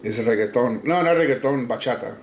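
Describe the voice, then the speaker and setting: A man's voice: mid-range voice, quick pace, a loud crowd. A man casually telling a story to friends, swearing freely and acting out friends' lines in a raised voice. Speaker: podcast co-host. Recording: roomy echo.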